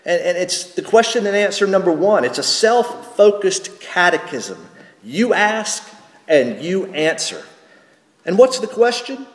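A man, a pastor, preaching a sermon slowly and deliberately, with rhetorical questions and small restarts. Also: high voice, big pitch swings. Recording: echoey church hall with long reverb.

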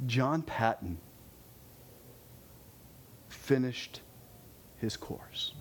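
A man preaching a sermon, animated, his voice climbing with intensity and dropping low to close points. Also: extremely slow, slight background noise.

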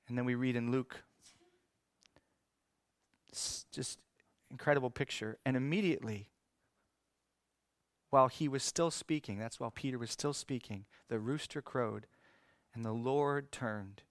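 A male preacher delivers a sermon with earnest conviction, moving between emphatic pushes and hushed, quiet stretches. His voice sits at a middle pitch. The recording is close and dry. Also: no room sound.

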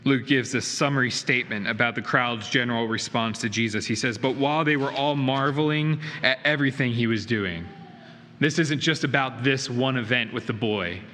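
A male pastor preaches a sermon in a church sanctuary, earnest and emphatic, posing rhetorical questions. His medium-pitched voice moves at a normal speed and sounds pushed and bright. The reverberant hall carries a faint noise.

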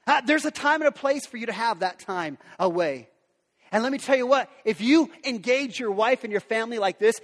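A man with a notably high voice preaches to parents, speaking earnestly and conversationally. His words ring out with a long hall reverb, as if heard in a large sanctuary. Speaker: pastor. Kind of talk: sermon.

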